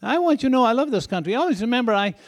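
High-voiced older preacher with a foreign accent. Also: male voice, very animated, rapid-fire, no room sound. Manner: folksy, asks the crowd "isn't that right?". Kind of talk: sermon.

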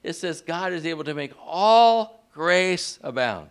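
A man preaching a sermon in a church, leading the congregation in call-and-response and pushing his pitch up sharply on key words. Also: animated, a little slow, smooth. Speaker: pastor.

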